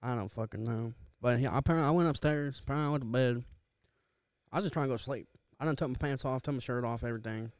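A man's voice: medium pitch, fast talker, darkish tone, dry recording. A young man casually telling a profane story on a podcast, laughing often, close to the mic. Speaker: podcast co-host.

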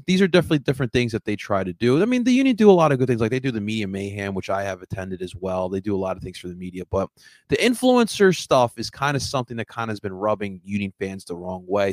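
Host, male, low-pitched, loose rambling delivery, dry sound. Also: no echo. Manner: rambling, many restarts and fillers. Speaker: host of a soccer fan show. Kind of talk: casual chat commentary.

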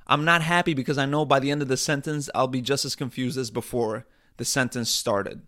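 A man hosting a podcast, talking in a casual comedic rant, animated and profane, rambling with frequent restarts. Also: mid-range voice, a little fast. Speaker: podcast host.

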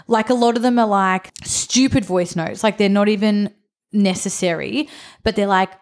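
A woman's voice: mid-range voice, fairly even intonation, moderate pace. A young woman co-hosting a podcast, chatting casually with frequent swearing and easy laughter. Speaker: podcast co-host. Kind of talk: casual chat.

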